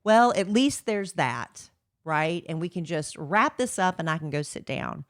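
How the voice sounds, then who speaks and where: A middle-aged woman, co-hosting a podcast and telling a story in a lively, animated way. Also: lowish voice, unhurried, dry recording, clean studio sound. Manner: animated storyteller, acts out quoted voices. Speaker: podcast co-host. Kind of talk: casual chat, telling a story.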